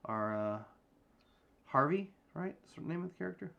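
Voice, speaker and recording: A man's voice: a little high, lively intonation, moderate pace, gravelly, lo-fi sound. A man giving casual announcements at the start of a live-streamed tabletop game, rambling with many fillers. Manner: rambling, filler-heavy delivery.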